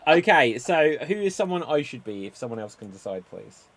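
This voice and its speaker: A man hosting an improv comedy show, setting up scenes in a brisk, laughing way. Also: medium pitch, very animated.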